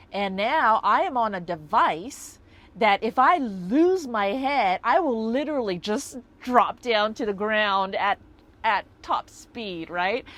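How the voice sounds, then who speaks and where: A woman's voice: medium pitch, a bit bright, slight background noise. A woman talking through a personal story in a casual vlog, reflective and rambling with lots of fillers. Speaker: vlogger.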